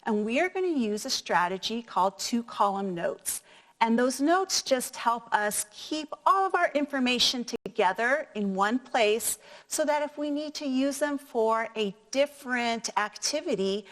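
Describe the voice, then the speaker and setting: A woman teacher walking students through a simple classroom task, step by step. Her tone is friendly and she demonstrates as she explains. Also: a little high.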